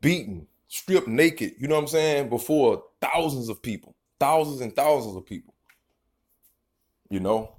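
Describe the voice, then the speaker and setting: A street preacher with a mid-range, slightly mellow voice delivers an informal, profane sermon in an expressive, unhurried way. He reads verses of scripture, then riffs on them emphatically and ramblingly, tagging lines with "man."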